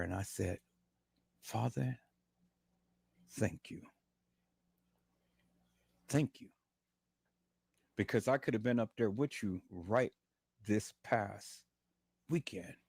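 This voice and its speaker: Man hosting a livestream from his bed, hurting, preaching thanks in a husky, dry, close-miked voice. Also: lowish voice, darkish tone, dry recording. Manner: fervent, repetitive, calls viewers "peoples". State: in pain, lying in bed. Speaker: livestream host. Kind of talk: preachy testimony to viewers.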